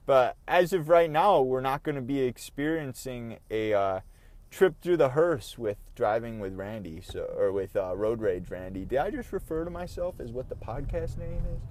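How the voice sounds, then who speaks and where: A man's voice: mid-range voice, lively intonation, normal speed, darkish tone, no echo. A young man hosting his own podcast, talking casually in a rambling, self-deprecating way with easy swearing. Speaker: podcast host. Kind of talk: casual solo podcast monologue.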